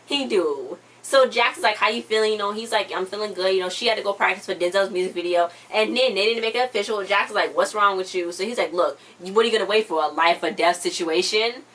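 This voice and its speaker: A woman's voice: mid-range voice, fast talker, few pauses, fairly bright tone, rough recording. A young woman hosting a TV episode recap in casual chat, retelling scenes in quoted voices and laughing often.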